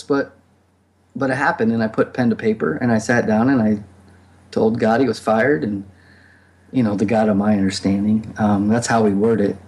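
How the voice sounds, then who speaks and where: A man's voice: mid-range voice, darkish tone. A man speaking reflectively in a casual podcast conversation, with many fillers and restarts. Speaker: podcast guest.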